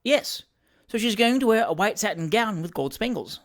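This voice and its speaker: Mr. Winkle, an eager young gentleman, brisk and ready to defend a point, as a reader puts him on. A light, lively character voice in a storybook reading. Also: mid-range voice, voice pushed up, lightly acted.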